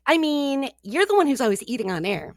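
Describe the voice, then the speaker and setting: Female radio co-host, bright high voice, dry close sound, comedic banter. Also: brisk, dry recording. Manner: playful, deadpan jokes. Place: radio studio.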